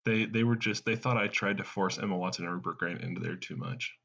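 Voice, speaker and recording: A man co-hosting a casual comedy podcast, talking in a dry, deadpan joking way. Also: low voice, fast, gravelly, crowd noise. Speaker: podcast co-host. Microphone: headset mic. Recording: dull lo-fi sound.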